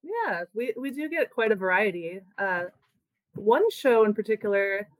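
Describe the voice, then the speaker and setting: A woman's voice: medium pitch, animated, normal speed, dry recording, poor audio. A woman musician talking casually in an interview, chatty and loose, with lots of filler words. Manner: chatty, full of "like" and "you know" fillers. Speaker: musician and band member.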